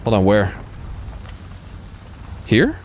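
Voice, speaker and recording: A man giving live gameplay commentary as a streamer, excitable, swearing freely and mocking himself. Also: lowish voice, drawn-out words, a little hiss or hum. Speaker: gaming streamer.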